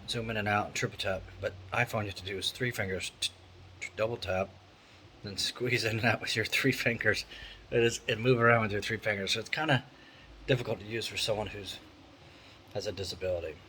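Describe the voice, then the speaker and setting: A man's voice: fairly low pitch, steady tone, a little fast, bright, forceful tone, slight background noise, rough recording. A middle-aged man, talking casually and candidly to camera in a rambling vlog monologue from a room at home. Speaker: vlogger. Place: indoor room with an electric fan.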